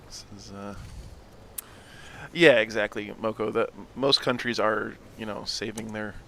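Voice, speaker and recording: A man's voice: fairly low pitch, fairly even intonation, measured pace, vocal fry, bright, forceful tone, a little hiss or hum. A man co-casting a live tabletop tournament, chatty and agreeable. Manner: friendly, agreeable banter. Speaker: co-caster.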